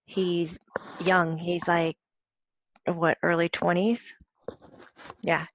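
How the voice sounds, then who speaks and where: Slow-talking woman, hesitant medium. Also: on the low side, flat delivery, no echo. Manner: hesitant, many ums, laughs often. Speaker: psychic medium. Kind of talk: relaxed conversational channeling.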